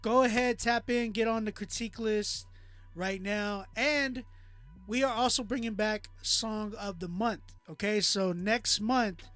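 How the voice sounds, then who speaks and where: This livestream music review host pumps up his chat and asks for song submissions, addressing viewers directly in a hyped, casual way. His high, slightly bright voice is fairly even in intonation and a little slow, on a dry recording.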